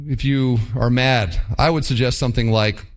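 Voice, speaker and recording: A man preaching a sermon as pastor, animated and mock-quoting with playful asides. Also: medium pitch, moderate pace.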